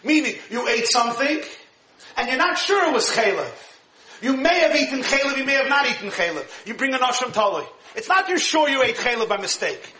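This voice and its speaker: A man with a notably high, bright voice teaches a Torah lecture. He talks in an animated, emphatic way and laughs often as he explains. The room around him sounds echoey. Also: a little fast. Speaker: rabbi teaching Torah class.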